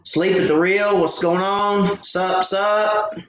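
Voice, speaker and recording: Rambling fishing host in an echoey room. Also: male voice, high voice, steady tone, takes it slowly, a bit bright. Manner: rambling storyteller with many fillers and restarts. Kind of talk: casual live-stream chat.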